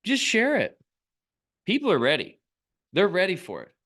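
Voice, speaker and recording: Man, middle-aged, online business coach, casual motivational talk, blunt, rambling, animated pitch. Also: moderate pace. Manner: blunt, rambling, laughs often.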